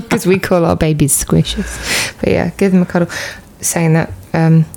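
A woman's voice: on the low side, measured pace, creaky, warm tone, slight background noise. A British woman co-hosting a podcast, chatting casually in a playful, teasing way. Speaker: podcast co-host. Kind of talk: casual chat.

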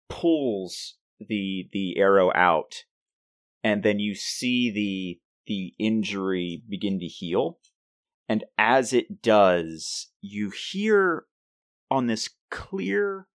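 Man game master, low voice, dry close sound, halting narration. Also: fairly bright tone, no room sound. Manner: halting, restarts often while describing.

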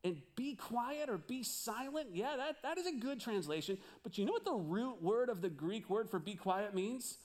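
A male pastor delivers a sermon in a fairly high voice. His pitch rises and falls widely as he speaks. He keeps turning to the congregation with questions. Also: normal speed, hardly any pauses. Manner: animated preaching, asks the audience questions.

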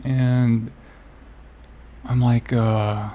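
Gravelly man rambling through a story. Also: medium pitch, fairly even intonation, unhurried, a little mellow. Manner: rambling storyteller, heavy on "like" fillers, swears. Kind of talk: casual chat.

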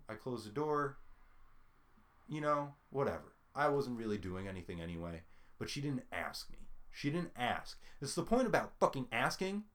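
In a casual chat, a young man with a mid-range voice tells a story, swearing freely and ranting with animated frustration.

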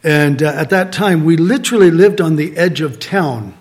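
A man's voice: on the high side, expressive, moderate pace. A man from Southern California preaching a sermon in a conversational way, returning to repeated refrains and asking rhetorical questions. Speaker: pastor.

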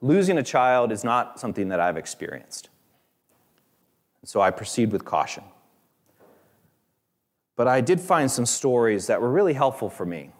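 A man's voice: mid-range voice, very animated, normal speed, pauses often. Earnest conversational male pastor. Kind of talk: sermon.

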